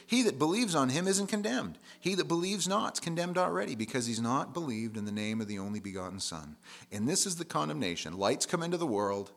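A man's voice: mid-range voice, a bit bright. A man preaching a sermon in a conversational, plain-spoken way, leaning hard on key words.

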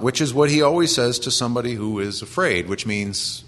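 A man's voice: medium pitch, animated, a little fast, a bit bright. A man preaching a conversational sermon, earnest and plain-spoken as he quotes and explains scripture.

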